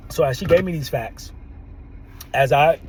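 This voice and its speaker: Animated higher-voiced man telling a story. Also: measured pace, noisy background. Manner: animated, laughs often, quotes people in their own voices. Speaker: therapist, podcast host. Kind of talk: storytelling monologue.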